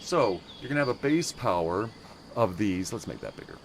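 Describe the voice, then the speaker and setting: On a casual gaming stream, a man from the United States wanders through his thoughts, breaking off mid-sentence and using plenty of fillers while mangling German for laughs. He speaks at a normal speed in a lowish voice with lively intonation, against slight background noise.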